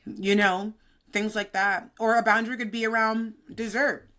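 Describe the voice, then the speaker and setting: A woman's voice: on the high side, flat delivery, normal speed, pushed and bright. A woman in her thirties, a fitness coach co-hosting a podcast, talking in a chatty, sassy, upbeat way. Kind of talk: casual podcast chat.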